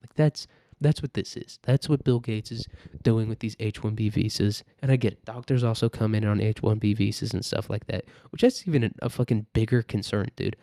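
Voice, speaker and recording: A man's voice: fairly low pitch, fairly even intonation, a little fast, vocal fry, warm tone, no echo, studio quality. Profane, sarcastic man ranting solo. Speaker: podcast host. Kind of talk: casual solo rant.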